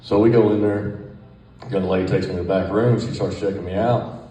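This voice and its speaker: Middle-aged man, low and dark-toned, profane drawling storyteller; roomy distant recording. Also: fairly even intonation, a little fast. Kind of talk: storytelling anecdote. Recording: roomy, far from the mic.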